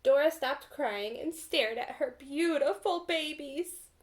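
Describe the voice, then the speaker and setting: Gentle high-voiced woman reading to children. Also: slow pace. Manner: gentle, asks children questions. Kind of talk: children's storybook read-aloud.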